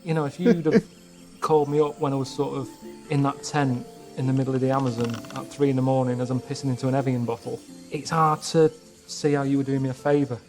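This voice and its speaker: A man chatting casually in a deadpan, rambling way, moaning about his travels. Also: mid-range voice, fast, soft background music. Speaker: guest on a comedy travel show. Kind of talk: casual comedic chat.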